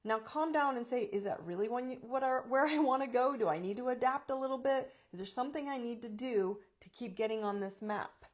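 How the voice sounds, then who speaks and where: Woman coach chatting to camera, lively, acts out voices, laughs a lot, sound a bit dull. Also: on the high side. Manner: animated, quick to act out inner voices, laughs often. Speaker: life coach. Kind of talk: casual spiritual talk to camera.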